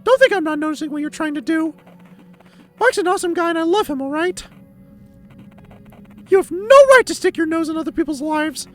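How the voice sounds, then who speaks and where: A man voicing an anxious, overachieving female student in a high put-on voice, reading game dialogue aloud. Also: normal speed, soft background music. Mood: bitter.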